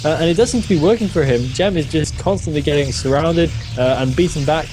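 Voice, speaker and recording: A man casting a live strategy game match, excitable and quick to laugh. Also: a little high, music in the background. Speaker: esports caster.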